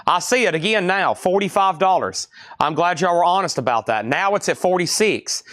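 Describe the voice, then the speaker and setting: Fast-talking man auctioning records. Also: high-pitched, lively intonation, a bit bright, dry recording, clean studio sound. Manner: rapid running price calls and bidder names; chatty asides to viewers. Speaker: live-stream record seller. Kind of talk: live auction stream.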